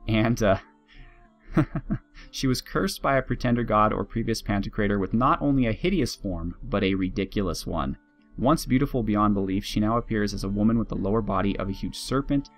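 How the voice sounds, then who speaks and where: A man with a fairly low voice gives casual let's-play commentary on a strategy game. He rambles in a friendly, chatty way and chuckles at his own jokes. Soft guitar music plays faintly behind him. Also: brisk. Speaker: game video host.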